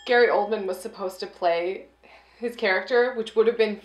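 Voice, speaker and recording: A woman's voice: medium pitch, normal speed. A woman co-hosting a casual movie review podcast, chatty and profane, with lots of "like". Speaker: podcast co-host. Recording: roomy echo.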